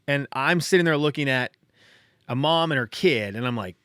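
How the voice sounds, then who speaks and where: A man's voice: medium pitch, brisk, sharp tone, clean tone, no echo, clean studio sound. A middle-aged man hosting his own podcast, telling a personal story in a casual, rambling way, still shaken and a little dazed. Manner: rambling, restarting, heavy on "like". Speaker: podcast host.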